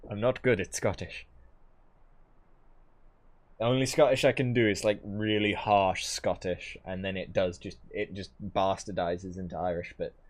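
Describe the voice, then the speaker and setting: A man's voice: sits low, fairly even intonation, normal speed. A man streaming a game, reading tutorial text and making playful, joking asides. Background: game music.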